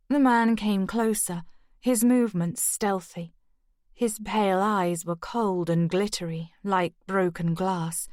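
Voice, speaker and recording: A woman narrating an audiobook in a measured, steady first-person reading. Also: lowish voice, no room sound, clean studio sound.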